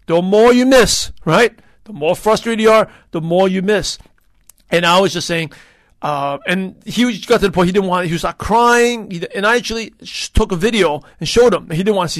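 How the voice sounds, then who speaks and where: A podcast host, a man in his thirties with a fairly high voice, talks through a casual solo episode, rambling, restarting often and leaning on fillers. The sound is dry, close and a bit bright, with no room or echo around it.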